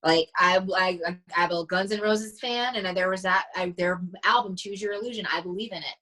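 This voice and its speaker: A woman's voice: on the low side, moderate pace, hardly any pauses, sharp tone, poor audio. A woman mindset coach, a podcast guest, telling stories animatedly and acting out the dialogue she quotes. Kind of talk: casual podcast conversation.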